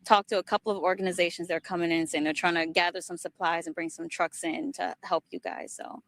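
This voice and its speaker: A woman field reporter giving a live news report outdoors at a storm-wrecked site, sympathetic and steady. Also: on the low side, fast talker, creaky.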